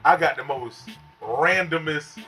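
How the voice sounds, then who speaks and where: A young man guesting on a casual podcast, telling stories in an animated, profane way and acting out other people's voices. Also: fairly high pitch, slow. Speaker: guest and concert host. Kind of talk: casual podcast chat, storytelling.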